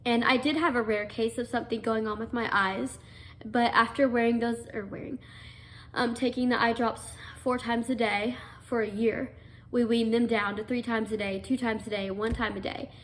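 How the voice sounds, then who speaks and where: A woman's voice: fairly high pitch, steady tone, normal speed, fairly bright tone. A young adult woman earnestly telling a personal story, full of fillers and restarts. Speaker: guest telling her story.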